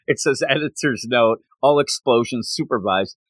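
A man's voice: mid-range voice, moderate pace, no room sound. A man casually chatting on a podcast, recapping a comic book with lots of laughter and acted-out character lines. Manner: animated storytelling, acts out characters' lines, laughs often.

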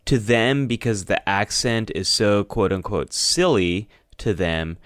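A man's voice: lowish voice, lively intonation, unhurried, a bit bright, no room sound, clean studio sound. A man co-hosting a podcast, talking casually and animatedly and often repeating words as he thinks. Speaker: podcast co-host. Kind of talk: casual chat.

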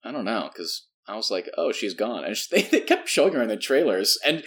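A man co-hosting a casual movie podcast, talking in an animated way and laughing often. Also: fairly low pitch, a little fast, slightly rough. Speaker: podcast co-host.

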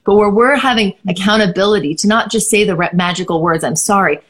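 A woman's voice: medium pitch, quick pace, fairly bright tone, slightly rough. A woman co-hosting a parenting podcast, explaining ideas in a thoughtful, casual advice chat.

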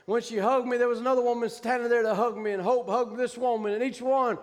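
A man's voice: very high voice, fairly even intonation, brisk, big-room sound. A man preaching a sermon with fervent emphasis and plain vernacular grammar as he recounts a vision.

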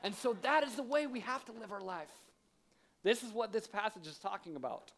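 A man preaching a sermon to a congregation, telling self-deprecating stories in a conversational, animated way. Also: high-pitched, a little fast. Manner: humorous, self-deprecating storytelling. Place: church auditorium with audience.

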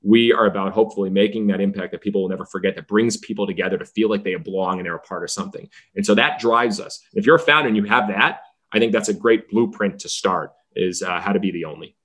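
A man who runs a baseball team tells stories as a podcast guest, speaking fast in a voice on the low side. He's energetic and acts out the voices of the people he quotes.

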